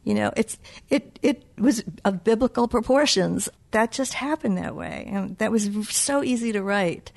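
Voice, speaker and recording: Speaking at normal speed with a medium pitch and vocal fry, a middle-aged woman with a Boston accent chats in a casual interview. She's a children's book author, and her manner is playful and self-mocking.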